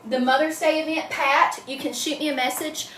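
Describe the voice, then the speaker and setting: A woman's voice: high voice, fairly even intonation, normal speed, a bit bright, echoey room, slight background noise. A middle-aged woman from North Carolina with a Southern accent, chatting casually on a livestream and greeting viewers by name. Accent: Southern American. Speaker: wreath-making livestream host.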